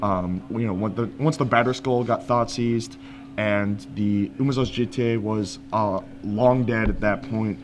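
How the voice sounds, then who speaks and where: A man's voice: on the low side, steady tone, unhurried, a little hiss or hum. A man doing live game commentary, analytical and explaining the strategy step by step. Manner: analytical, with frequent fillers and restarts.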